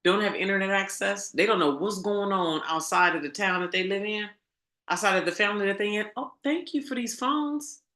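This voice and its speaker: A woman's voice: medium pitch, brisk, pushed and bright. A woman coach giving a casual motivational monologue, emphatic and preachy, swearing and calling her viewers girl. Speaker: spiritual coach. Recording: echoey room.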